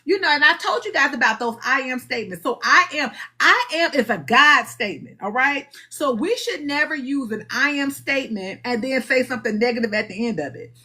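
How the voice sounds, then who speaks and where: A woman hosting a live book discussion, animated and preachy, acting out little dialogues as she goes. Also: high-pitched, normal speed, few pauses, husky. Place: live online stream.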